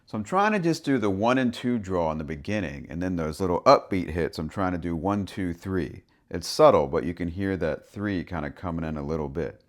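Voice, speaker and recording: A man with a very deep voice teaches a harmonica lesson. He talks through the rhythm in a relaxed way, stopping to sound out short syllables as he explains each part. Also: brisk, few pauses. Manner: relaxed, thinking aloud, speaks rhythm syllables and soft whispers. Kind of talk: instructional explanation with vocal rhythm demonstrations.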